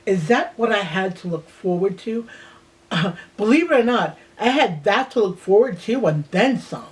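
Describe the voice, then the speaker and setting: A woman in her sixties slowly telling a personal childhood memory in a reflective way, sometimes dropping to a near-whisper. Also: mid-range voice, expressive. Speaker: host. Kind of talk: personal storytelling.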